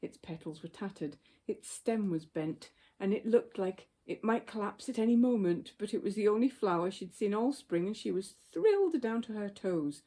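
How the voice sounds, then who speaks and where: A woman reading a children's story aloud in a gentle, unhurried storytelling manner. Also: medium pitch, expressive.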